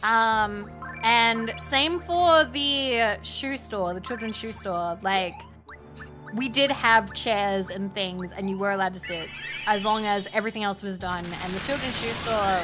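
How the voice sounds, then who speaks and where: A woman's voice: medium pitch, moderate pace, over music. A young woman telling stories in a casual stream chat, laughing often and acting out customers. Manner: chatty storyteller, laughs often, acts out customers.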